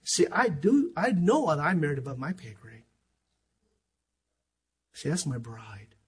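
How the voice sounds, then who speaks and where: Husky-voiced older preacher man, high-pitched. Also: very animated, unhurried. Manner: fervent, swings from loud emphatic to soft and hushed. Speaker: pastor. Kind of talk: sermon.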